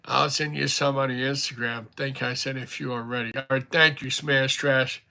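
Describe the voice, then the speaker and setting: A middle-aged man chats casually on a livestream. His voice has a gravelly edge and a bright, forceful tone. He rambles from one story to the next in a loose, talkative way. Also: medium pitch, steady tone, normal speed. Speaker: livestream host.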